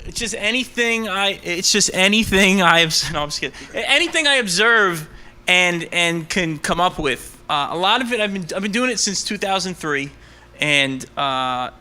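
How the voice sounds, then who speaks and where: A stand-up comedian from Brooklyn, performing an animated set that slips into quick character voices. He has a high voice with a very bright, forceful edge. He also banters casually as an interview guest. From Brooklyn, New York. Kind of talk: stand-up routine, then casual interview chat.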